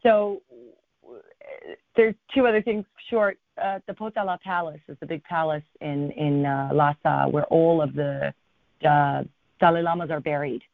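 A woman telling a long travel story as an interview guest, her telling lively, with people's words acted out. The sound is thin and phone-like, with no room echo at all. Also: sits low, measured pace, gravelly. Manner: animated storyteller, acts out quotes. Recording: thin phone-like line, dry.

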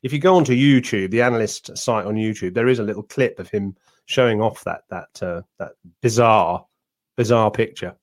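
A man's voice: lowish voice, moderate pace. Rambling male cricket podcast host. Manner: rambling, with many restarts and asides. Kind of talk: casual anecdotal chat.

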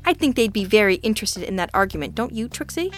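A woman's voice: medium pitch, big pitch swings, fast talker, faint music behind, close to an everyday voice. A woman voicing a grim, relentless investigator. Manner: dry, pushing, needling.

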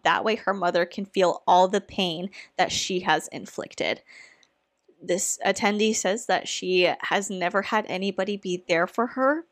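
A young woman hosting a casual commentary video, recapping a documentary in an earnest, emotional way with many fillers and pauses. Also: mid-range voice, fairly bright tone. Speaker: YouTube commentary host.

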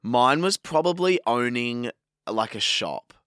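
A man's voice: mid-range voice, animated, slow, pushed and bright, clear, resonant tone, no echo, studio quality. A young man, co-hosting a casual podcast chat, laid-back and slangy, swearing freely. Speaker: podcast co-host.

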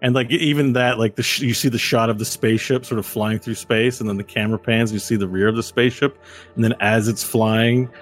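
A man's voice: medium pitch, steady tone, brisk, soft background music. A man running a tabletop game as game master, describing scenes in a meandering way with many fillers.

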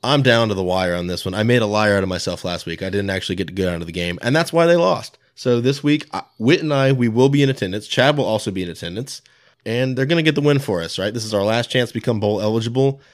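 A man's voice: fairly low pitch, expressive, fast, no room sound, studio quality. A man co-hosting a casual football podcast, teasing the others with wry banter. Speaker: podcast co-host. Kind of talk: casual sports chat.

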